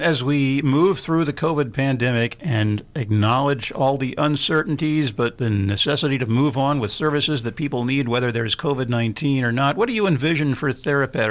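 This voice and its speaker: A man hosting a morning radio interview show, who asks his questions haltingly with many fillers. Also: mid-range voice.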